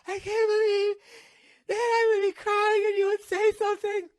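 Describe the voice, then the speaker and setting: A man voicing an upset young girlfriend in a high, squealing tone. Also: steady tone, brisk, no room sound, clean studio sound. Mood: indignant. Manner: indignant, squealing.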